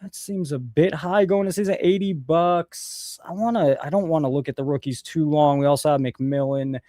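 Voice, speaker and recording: A male host rants through a casual live show, sarcastic and quick to swear. His voice sits a little high, and the recording is dry, with no room sound. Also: steady tone, mellow, no echo. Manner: ranting, profane, sarcastic.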